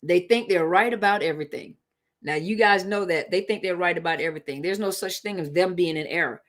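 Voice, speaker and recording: A woman's voice: fairly low pitch, fairly quick. A woman hosting a casual live stream, speaking in a conversational, emphatic way and repeating her points to drive them home. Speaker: live-stream host on relationships.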